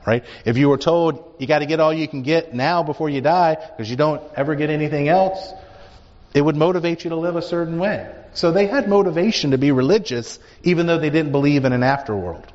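A man's voice: a little high, darkish tone. A man teaching a Bible class, explaining emphatically and asking rhetorical questions. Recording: dull recording with hall reverb.

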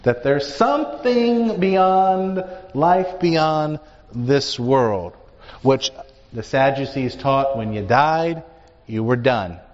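A man's voice: medium pitch, animated, slow pace, darkish tone. Emphatic male Bible teacher in a hall. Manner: emphatic, explanatory, rhetorical questions. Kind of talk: classroom Bible lecture. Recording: dull recording with hall reverb.

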